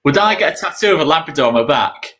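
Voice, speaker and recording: A man co-hosting a football watchalong, chatting casually and shouting in excitement at goals. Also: a little high, fast talker, a crowd in the background. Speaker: watchalong co-host.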